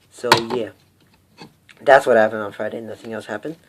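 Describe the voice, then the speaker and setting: A man's voice: medium pitch, fairly even intonation, normal speed, pauses often, slight background noise. A teenage boy telling a personal story in an unscripted vlog, rambling and self-mocking, hot and sweaty. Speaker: vlogger.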